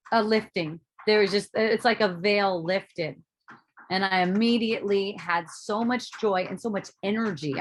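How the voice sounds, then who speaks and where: A woman at a middle pitch, telling a personal story in an unscripted monologue. She talks casually and candidly, with plenty of "um" and "like", and she swears now and then. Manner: candid, casual and animated, with frequent "um" and "like", occasional swearing. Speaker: spiritual speaker and author.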